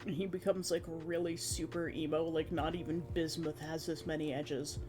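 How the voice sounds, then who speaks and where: A streamer with a medium-pitched voice chats casually, rambling and animated, over background music. Recapping a tabletop game, they slip into quick quoted character voices.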